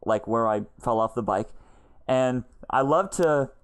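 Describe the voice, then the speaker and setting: A young man co-hosting a casual podcast chat, telling animated stories and laughing often. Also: medium pitch, a little slow, smooth. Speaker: podcast co-host. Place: lives in Texas.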